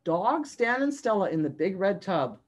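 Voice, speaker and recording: Sing-song and animated, a woman librarian reads a picture book aloud to little ones on a video call, stopping now and then to ask them questions. Her pitch is medium and her speed normal.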